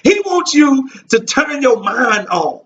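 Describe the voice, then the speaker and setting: A man minister preaching a Bible study sermon, emphatic and repetitive, with his voice rising into shouts. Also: very high voice, sing-song, slow pace, far from the mic, muffled recording.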